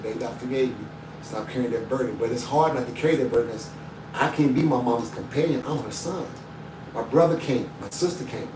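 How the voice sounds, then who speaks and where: A man, telling a heartfelt personal story in a blunt, emphatic way. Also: a little high. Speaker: livestreamer. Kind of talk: casual personal monologue. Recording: roomy sound from a distance, faint background noise.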